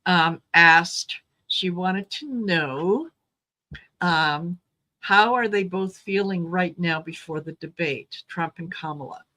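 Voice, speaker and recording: Slow-speaking woman tarot reader. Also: fairly low pitch, sharp tone. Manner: unhurried, repeats words as she thinks. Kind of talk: casual livestream chat.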